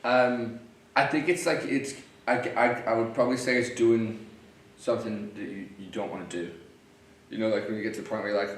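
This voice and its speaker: Low-voiced rambling man, echoey room. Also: fairly even intonation, fairly quick. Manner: rambling, many fillers like "like". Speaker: podcast guest. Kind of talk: casual chat. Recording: echoey room, mic far off, faint noise.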